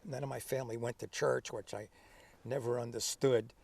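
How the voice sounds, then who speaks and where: Older guy, 70s, kinda gravelly, telling war stories in an interview, mic a bit far off. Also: mid-range voice, moderate pace. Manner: lively, acts out remembered dialogue. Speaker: interview guest, veteran. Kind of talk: conversational storytelling.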